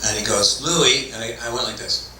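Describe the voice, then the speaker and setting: A man's voice: on the low side, level tone, fast. Rambling middle-aged man in an echoey hall. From Toronto, Canada. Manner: rambling, chatty, self-deprecating. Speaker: actor on a convention panel. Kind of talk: anecdotal storytelling. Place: convention hall. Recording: echoey hall, distant mic, background noise.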